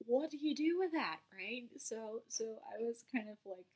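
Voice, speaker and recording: A young woman talking candidly in a personal vlog about a meditation practice, unguarded, laughing and swearing now and then, her voice often sinking to a soft near-whisper. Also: fairly high pitch, animated, normal speed, husky. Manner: swearing and laughing as she talks. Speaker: vlogger sharing a meditation practice.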